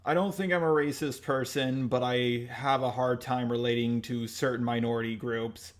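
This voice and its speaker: Man, commentator, unscripted response video; earnest, measured delivery. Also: mid-range voice, steady tone. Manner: earnest, measured, explaining himself. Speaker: YouTube commentator.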